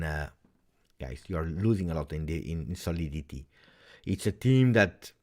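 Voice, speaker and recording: A man hosting a live football reaction stream, reading viewer comments and thinking aloud with lots of "eh?" and "uh". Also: deep voice. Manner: animated, thinks aloud with many uhs and tag questions. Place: home streaming setup in Belgium.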